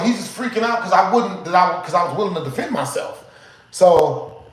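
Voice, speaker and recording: Animated, high-voiced man telling a story. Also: echoey room, low-quality recording. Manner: profane, animated, repeats "you know what I'm saying". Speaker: streamer. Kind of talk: casual storytelling to a live chat.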